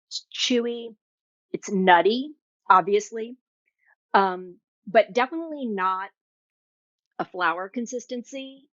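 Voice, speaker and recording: A woman's voice: medium pitch, fairly bright tone, dry recording, muffled recording. Chatty woman hosting a cooking stream. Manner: chatty and enthusiastic, tastes while talking. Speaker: cooking show host. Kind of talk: casual live cooking demo.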